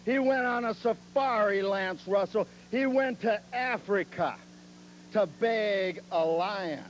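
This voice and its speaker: A man's voice: sits high, slow, dull audio, slight background noise. A man cutting a boastful wrestling promo, cocky and mocking, laughing at his own jokes.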